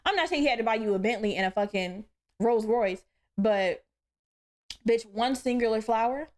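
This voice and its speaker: A young woman hosts her own podcast and rants through everyday stories, blunt and full of swearing. Her voice sits a little high for a woman, and she talks with animated, heated energy. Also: normal speed. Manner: blunt, profane, animated storytelling. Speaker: podcast host. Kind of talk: casual solo podcast rant.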